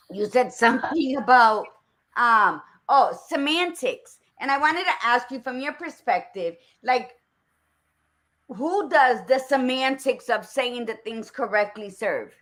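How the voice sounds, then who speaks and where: A woman hosting a casual talk podcast, with a bright, forceful voice. She is blunt and curses freely, and she tells her stories with lively energy. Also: on the high side. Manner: blunt, swears freely, animated storytelling. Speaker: podcast host. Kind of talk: casual conversation.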